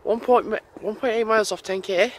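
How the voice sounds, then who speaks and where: A man's voice: high-pitched, fairly even intonation, a little fast. A man, vlogging casually and rambling aloud as he walks outdoors. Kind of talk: casual walking vlog chat. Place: outdoors on a lane by a busy road. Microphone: handheld camera while walking. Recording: wind and traffic noise outdoors.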